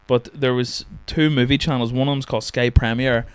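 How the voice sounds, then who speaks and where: A man rambles through a film chat, swearing often and breaking into laughs. His voice sits at an ordinary middle pitch, and the sound is dry and close, with no room around it. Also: fairly even intonation, a little fast, smooth, no room sound. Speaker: podcast co-host.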